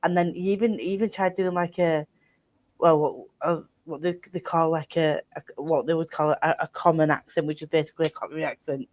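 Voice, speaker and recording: A woman's voice: low voice, fairly even intonation, brisk, darkish tone, no room sound. A young woman chatting with friends on a video call, rambling and restarting, swearing when she rants. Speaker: guest on a book stream. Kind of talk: casual chat with friends.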